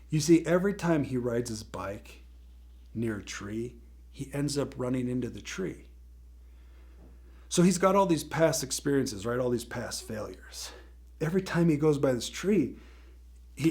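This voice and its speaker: A man hosting a casual Christian teaching talk, telling a story in an animated way with lots of fillers. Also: mid-range voice. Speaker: Christian teacher, podcast host.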